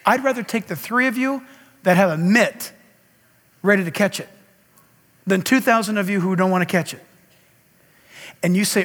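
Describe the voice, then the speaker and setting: A man preaching a sermon as pastor, animated and acting out conversations, swinging from hushed to shouting. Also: high voice, normal speed, long pauses, long reverb tail. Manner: animated, acts out dialogue, shifts from hushed to shouting.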